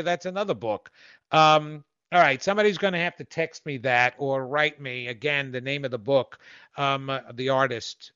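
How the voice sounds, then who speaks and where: A man's voice: a little high, normal speed, sharp tone, clear, resonant tone, no echo, muffled recording. A male host giving a casual self-help talk, rambling and correcting himself in a playful way.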